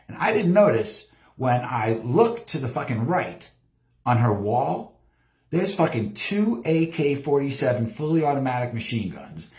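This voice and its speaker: Swearing live-stream host in an echoey room. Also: male voice, medium pitch. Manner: heavy swearing, lively storytelling, acts out quotes. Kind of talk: profane rambling live-stream monologue. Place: home studio. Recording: roomy echo.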